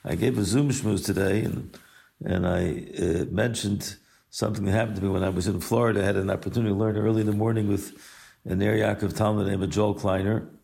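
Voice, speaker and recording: Older male rabbi, deep gravelly voice, unhurried storytelling message. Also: steady tone, mellow. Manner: unhurried, weaves Hebrew and Yiddish terms into English. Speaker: rabbi and yeshiva teacher. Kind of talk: recorded personal message and story.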